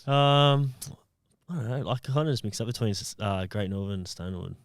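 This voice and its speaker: Joking co-host, low voice. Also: male voice, brisk, clean tone, dry recording, studio quality. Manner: joking, laughing banter. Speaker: podcast co-host. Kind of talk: casual chat.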